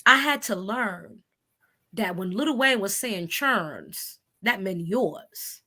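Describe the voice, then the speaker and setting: A woman in casual chat, animated, laughing loudly and mimicking voices as she talks. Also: mid-range voice, slow. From New York. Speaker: co-host.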